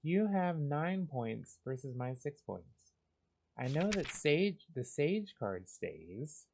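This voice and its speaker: A man giving calm, soft, unhurried commentary as he plays a cozy game for sleepy listeners. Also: fairly high pitch, gravelly, slight background noise. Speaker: gaming channel host.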